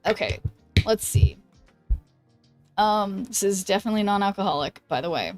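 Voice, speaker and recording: A woman streamer chatting casually while she plays a card game, thinking aloud and greeting viewers, with a voice that is going hoarse. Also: medium pitch, lively intonation, normal speed, faint music behind. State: losing her voice. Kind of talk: casual gameplay commentary.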